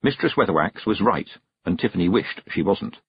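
A man narrating a storybook in a measured, expressive reading voice. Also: low-pitched, slightly rough, no echo, highs cut off. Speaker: audiobook narrator.

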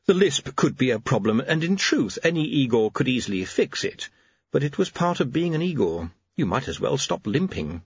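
Male narrator, wry storyteller, lowish husky voice, dull lo-fi dry recording. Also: sing-song, moderate pace, no room sound. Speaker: audiobook narrator. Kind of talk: scripted narration.

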